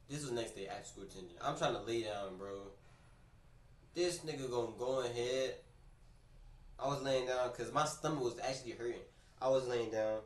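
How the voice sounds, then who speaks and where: A man on a livestream telling a story in a casual, animated, slangy way, often repeating his phrases, recorded in a roomy space away from the mic. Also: medium pitch, distant mic. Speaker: streamer.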